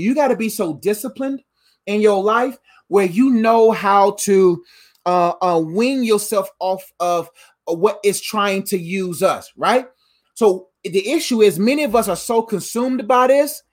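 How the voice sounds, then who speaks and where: A pastor giving a conversational livestreamed sermon, repeating key lines and adding playful asides. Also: medium pitch.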